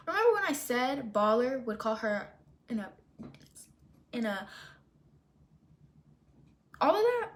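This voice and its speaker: A young woman telling a storytime in a casual, animated and sassy way, with exaggerated retellings. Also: on the high side. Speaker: storytime vlogger.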